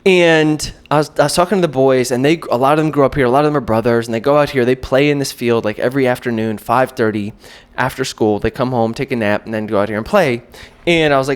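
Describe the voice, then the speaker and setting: A man in his thirties telling a story in a casual vlog, animated and self-mocking. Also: medium pitch, fast, clean tone. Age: 30s. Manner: animated, self-mocking, quotes himself in acted voices. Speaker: vlogger.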